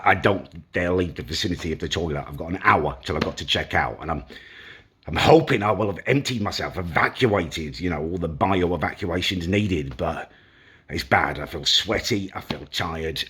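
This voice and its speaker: Guy rambling on his vlog, a bit husky and bright, moans a lot about his weekend. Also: a bass voice. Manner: rambling, self-deprecating, complaining. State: hungover. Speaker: vlogger. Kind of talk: casual vlog.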